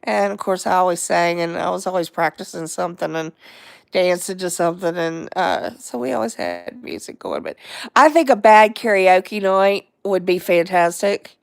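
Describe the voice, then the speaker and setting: A woman's voice: on the low side, expressive, moderate pace, gravelly, no room sound, studio quality. A middle-aged woman hosting a casual livestream chat, rambling along, chatting to viewers and laughing often. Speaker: livestream host.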